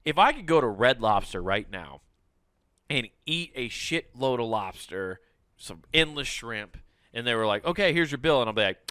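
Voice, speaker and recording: Man, podcast co-host, bright forceful tone, higher voice, laughs a lot, swears, dry close sound. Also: animated, smooth, dry recording. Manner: laughs often, swears, acts out quick silly voices. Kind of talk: casual comedic chat.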